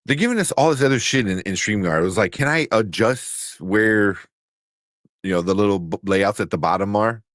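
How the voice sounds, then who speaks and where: A man in his thirties, co-hosting a casual chat show, telling lively stories, swearing casually and laughing often. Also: on the low side, normal speed, dry recording, clean studio sound. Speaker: co-host.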